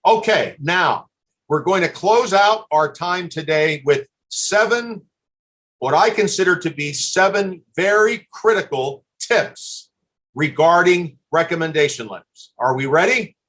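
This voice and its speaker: Older American man, slightly high voice, earnest, repetitive speaker in a webinar. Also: a little slow, a bit bright. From USA. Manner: earnest advice with frequent restarts and repeated words. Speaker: admissions consultant giving a webinar. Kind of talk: live webinar talk.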